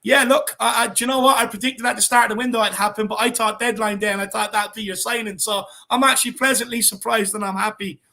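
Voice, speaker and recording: A man with a high, bright voice and an Irish accent hosts a casual live stream, reading viewer comments and hyping each one up. He shouts out every viewer in a chummy, upbeat way. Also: fairly even intonation, fast talker, gravelly, hardly any pauses. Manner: hypes viewers with "big yourself up, my man". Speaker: host reading live chat.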